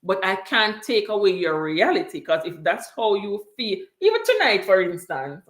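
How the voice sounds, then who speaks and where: In an echoey room, a very animated woman with a mid-range voice talks at a moderate pace about bringing up her kids. She moved to Canada from abroad, and on her livestream she shares her experiences as a parent with earnest emphasis, repeating what matters most.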